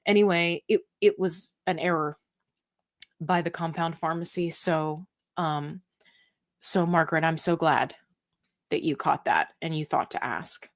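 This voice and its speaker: A woman's voice: low-pitched, a little slow. A woman hosting a live question-and-answer stream, reading viewer comments and answering in a chatty, upbeat way with playful asides.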